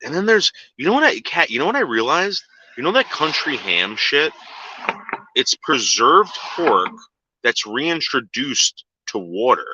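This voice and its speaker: A man's voice: medium pitch, big pitch swings, measured pace, lo-fi sound, noisy background. A man in casual chat, telling a story in a rambling, profane way with frequent repeated words and restarts.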